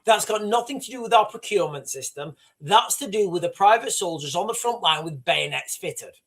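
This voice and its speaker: A man's voice: high-pitched, lively intonation, brisk, fairly bright tone. A British man hosting a casual livestream, talking emphatically and repetitively while addressing his viewers directly. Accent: British English. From Britain. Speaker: livestream host.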